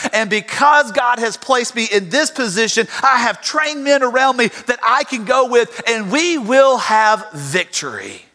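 Animated preacher in a hall. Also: male voice, very high-pitched, unhurried, hardly any pauses. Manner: animated storytelling, acts out voices. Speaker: pastor. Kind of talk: sermon. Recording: reverberant hall.

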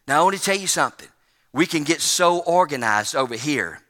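A man preaching a sermon to his congregation, with a folksy preacherly manner, swinging between emphatic peaks and low, quiet stretches. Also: fast talker, long reverb tail. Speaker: pastor.

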